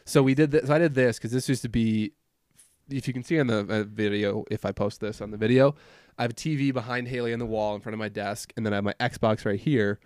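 A man's voice: medium pitch, fairly even intonation, fast talker, a little mellow, clean tone, no echo. Young guy from minnesota rambling in a casual chat, lots of likes and ums, dry close mic. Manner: rambling, filler-heavy, self-interrupting. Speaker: podcast host. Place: home gaming room.

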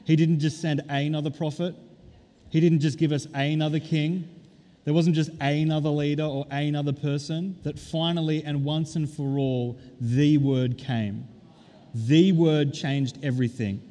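A man preaching a sermon as pastor, stressing key words and drawing them out slowly. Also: on the high side, steady tone, dark tone. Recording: long reverb of a large hall.

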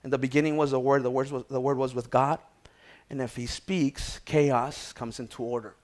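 A man preaching a sermon, moving from hushed prayerful tones to loud exhortation and calling out to his congregation. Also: medium pitch, fairly even intonation, moderate pace. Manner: calls out to the congregation for response. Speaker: pastor.

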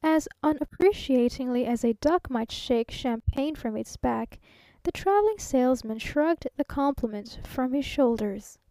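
A woman reading a novel aloud as audiobook narrator, in measured storytelling. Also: high-pitched, animated, dark tone, no echo. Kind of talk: scripted narration.

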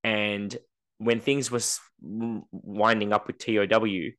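A man's voice: on the low side, fairly even intonation, slow, a bit bright. A man co-hosting a podcast in casual chat, telling stories and acting out the voices of the people he quotes. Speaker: podcast co-host.

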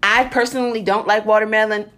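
A woman talking in a loose, casual chat with a co-host. She is blunt and profane, laughs often and stumbles over repeated words as she gets going. Her pitch sits in the middle of the range for a woman. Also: steady tone, fast, fairly bright tone.

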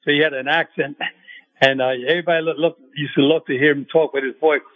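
A man's voice: on the high side, fairly even intonation. Older man on a tinny phone line. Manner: halting, many fillers and restarts. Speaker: retired boxing referee, guest. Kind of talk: phone-in radio interview.

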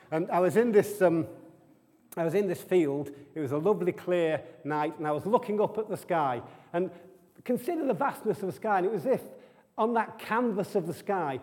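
A man's voice: fairly high pitch, darkish tone. Man preaching in a reverberant hall. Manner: conversational, keeps asking the audience rhetorical questions; humorous asides. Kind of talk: sermon. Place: church hall with an audience.

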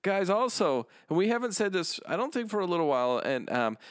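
A man co-hosting a podcast, easygoing and quick to laugh, rambling through plugs with fillers. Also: sits high, big pitch swings, smooth, no room sound, clean studio sound. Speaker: podcast co-host. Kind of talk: casual chat and show plugs.

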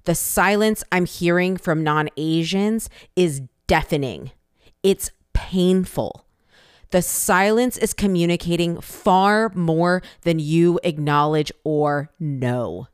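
A woman's voice: fairly low pitch, takes it slowly, clean tone, no room sound, clean studio sound. A young Asian American woman giving an impassioned personal statement, emphatic and pointed, with insistent repeated phrases.

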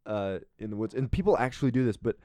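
Young adult man, giggly co-host, dark relaxed tone, dead-dry close mic. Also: medium pitch, fast talker, no room sound. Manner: laughs often, playful, puts on southern accents for jokes. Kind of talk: casual podcast chat. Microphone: close studio mic.

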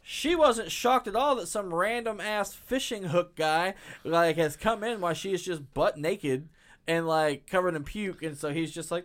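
A man's voice: high voice, normal speed, fairly bright tone, no room sound. A young man casually riffing on a bad movie, swearing a lot, laughing often and acting out the characters in mocking voices. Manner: profane, laughing, acts out scenes in mocking voices. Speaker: podcast co-host.

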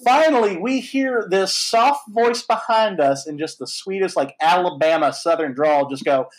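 Animated man telling a story, higher voice. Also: normal speed, hardly any pauses, rough recording. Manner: animated, lively storyteller with frequent fillers and mild swearing. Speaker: podcast host. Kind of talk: casual storytelling chat.

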